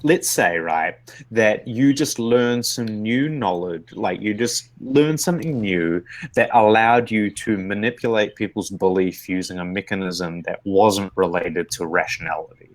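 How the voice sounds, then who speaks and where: A man's voice: fairly low pitch, a little slow. A man with a New Zealand accent in casual discussion, thinking aloud with many hesitant restarts. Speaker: podcast co-host.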